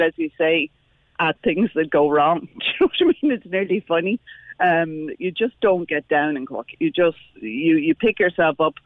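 A woman's voice: on the low side, no room sound. A woman calling in to a radio show, earnest and enthusiastic. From Ireland, Dublin. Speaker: radio caller. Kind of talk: phone-in chat. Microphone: phone. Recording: tinny phone line.

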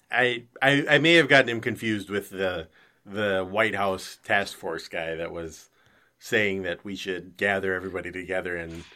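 Bright-toned giggly man. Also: low-pitched, fairly even intonation, a little slow. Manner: giggly, amused, easily laughing. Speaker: podcast co-host. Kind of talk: casual chat.

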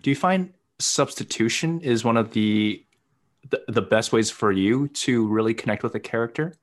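A man's voice: mid-range voice, moderate pace. A man interviewing an actor, asking questions casually with some hesitation.

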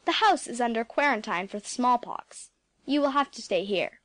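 A woman's voice: a little high, expressive, moderate pace, a bit bright, dry recording. A woman voicing a grave, reproachful old country doctor who speaks seriously and impressively.

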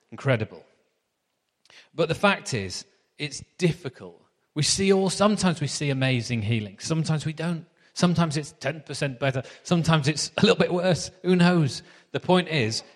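A man preaching in a chatty, story-led way, his voice at an ordinary middle pitch. Each phrase trails into the long reverb of a church hall. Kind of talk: sermon.

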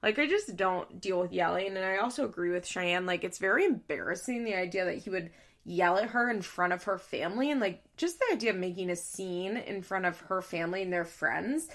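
A woman's voice: lowish voice, animated, fairly quick, a bit bright. A woman chatting casually and giving strong opinions while recapping a reality show, slipping into other voices for quotes. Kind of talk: casual chat.

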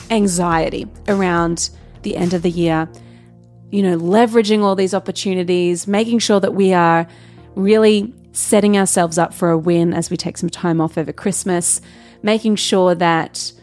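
A young woman hosts a solo business podcast in a chatty, candid way, and she often corrects herself mid-sentence. Her pitch sits in an ordinary middle range. Faint music plays underneath her voice. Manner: chatty and candid, with quick asides and self-corrections. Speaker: podcast host. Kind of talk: casual solo podcast talk.

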